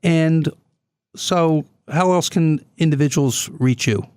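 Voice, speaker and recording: A man's voice: fairly high pitch, slow pace, a little mellow, clean tone. A man hosting a business podcast, asking questions in a casual, somewhat hesitant way with frequent restarts.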